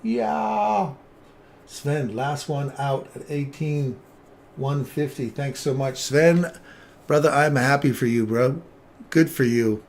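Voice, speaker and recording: A man's voice: mid-range voice, steady tone, takes it slowly, a little mellow, slight background noise. A man hosting a live trading stream, chatting casually and joking with viewers by name.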